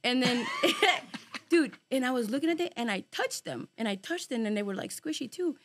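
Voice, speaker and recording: Against a noisy background, a woman whose voice sits on the high side speaks at normal speed, telling a long personal story in a casual group chat. She's animated and peppers it with swearing, fillers, and Spanish slang.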